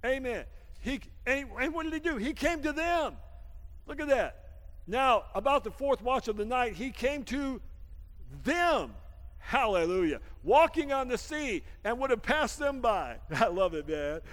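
A man preaching a lively sermon, laughing often and swinging from shouts down to hushed asides, with a folksy habit of saying "man.". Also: extremely high pitch, unhurried, long reverb tail. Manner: folksy, calls everyone "man". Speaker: pastor.

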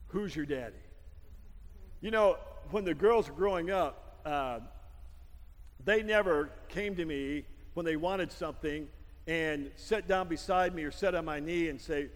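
High-voiced older man preaching in a hall. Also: measured pace. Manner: conversational, jokey preaching with frequent amens. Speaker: pastor. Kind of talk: sermon. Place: church sanctuary.

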